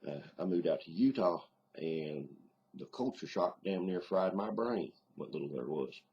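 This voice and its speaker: A man's voice: sits low, lively intonation, measured pace, darkish tone, slightly rough, lo-fi sound. A middle-aged man with a Southern US accent, rambling in a casual video diary with lots of ums. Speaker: video diarist. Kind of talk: casual vlog monologue.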